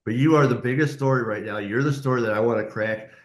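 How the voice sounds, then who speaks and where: A man's voice: medium pitch, fast talker. A man hosting an interview, encouraging and upbeat toward his guest. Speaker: interview host, reporter. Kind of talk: casual interview chat. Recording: echoey room.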